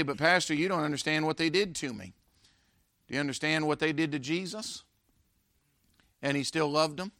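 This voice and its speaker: A man preaching a sermon as pastor, with emphatic swells and sudden loud peaks. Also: high voice, no echo, clean studio sound.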